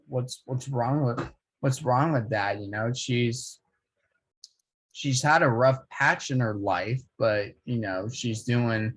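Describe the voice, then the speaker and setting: Male film reviewer, mid-range voice, halting casual delivery full of fillers. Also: medium pitch. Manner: hesitant, many restarts and fillers. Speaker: movie reviewer. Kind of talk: casual chat.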